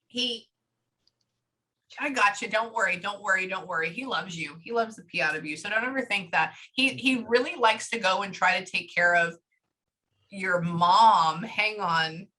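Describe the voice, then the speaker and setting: Bright, chatty woman psychic medium. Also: medium pitch. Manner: rapid, chatty, swears casually. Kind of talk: live reading session.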